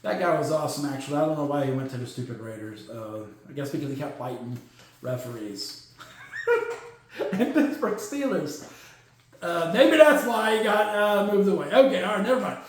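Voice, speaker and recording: High-voiced man chatting football in an echoey room. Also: animated. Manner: chatty, opinionated, mocking, acts out players in quick asides. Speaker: podcast host. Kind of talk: casual solo sports talk.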